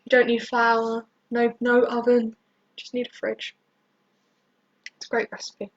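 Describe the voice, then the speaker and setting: British woman, fairly high voice, home baking host; rambling and full of fillers, dull lo-fi stream sound. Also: monotone, unhurried. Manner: rambling, many fillers and restarts. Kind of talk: casual live baking tutorial. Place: home kitchen.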